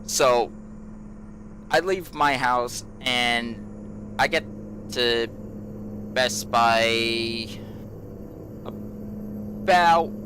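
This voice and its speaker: A man's voice: medium pitch, extremely slow, pauses often, noisy background. A man hosting a gaming channel, telling a long everyday story in a rambling way, repeating himself and filling gaps with "you know.". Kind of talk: casual storytelling vlog.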